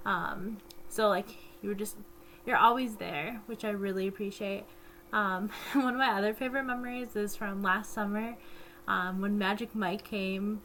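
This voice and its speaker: A woman's voice: medium pitch, fairly even intonation, normal speed, a bit bright, slight background noise. A woman who works at a camp, recording a giggly, affectionate video message with many ums. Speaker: camp staff member.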